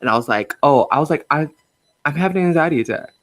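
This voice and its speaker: A man's voice: a little high, lively intonation, fast talker, a bit bright, no room sound, soft background music. A young man speaking as a guest, telling a personal story openly and with feeling, with lots of fillers and nervous laughs. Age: young adult. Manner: open and emotional, with frequent fillers and nervous laughs. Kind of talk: candid personal conversation. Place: inside a car.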